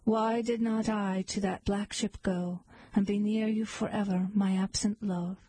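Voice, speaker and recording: A woman voicing a sad young maiden who laments her absent love in a soft, murmuring voice. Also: medium pitch, fairly even intonation, unhurried, dry recording, lightly acted. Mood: mournful.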